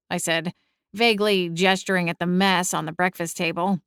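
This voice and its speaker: A young adult woman narrating a first-person audiobook, expressive and exasperated in the dialogue. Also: fairly low pitch, normal speed, smooth, dry recording, studio quality.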